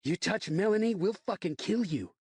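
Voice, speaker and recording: A man playing a crude young college buddy, swearing and egging on a fight. Husky, lively delivery. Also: high voice, moderate pace, no room sound, studio quality, voice pushed up, full character voice. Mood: aggressive. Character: crude aggressive young male college friend.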